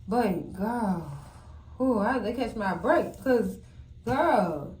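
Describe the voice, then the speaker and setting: A woman hosting a casual TV recap, animated and exclamatory, talking straight to her viewers. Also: medium pitch, takes it slowly, echoey room. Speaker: TV recap host.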